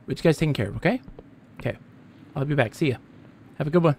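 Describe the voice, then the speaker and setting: A man's voice: on the high side, fast, darkish tone, slight background noise. Jokey rambling male game streamer. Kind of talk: casual live gameplay chat.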